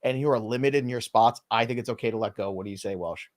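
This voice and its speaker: A man hosting a live fantasy baseball podcast, running through injury news with dry sarcastic asides. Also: on the low side. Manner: wry, sarcastic, quick rundown of injury news.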